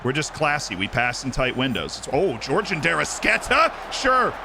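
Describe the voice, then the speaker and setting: A young man streaming himself playing a football management game, muttering asides and then shouting with delight when his team scores. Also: mid-range voice, moderate pace, creaky, background noise. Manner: excitable, swings from mumbled asides to shouting at goals. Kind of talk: live gameplay commentary.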